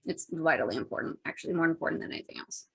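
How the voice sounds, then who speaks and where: A woman's voice: low-pitched, animated, racing, vocal fry, fairly bright tone, breathy edge, no echo. A woman co-hosting a podcast in casual, rambling chat with lots of fillers. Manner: chatty, rambling, many fillers. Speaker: podcast co-host.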